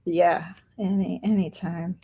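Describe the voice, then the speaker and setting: A woman's voice: on the low side, level tone, takes it slowly, gravelly, warm tone, slightly rough, muffled recording. A woman artist, giving a casual live painting tutorial in a chatty, rambling way with many fillers. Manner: chatty, rambling, self-deprecating, lots of fillers. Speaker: artist teaching a workshop.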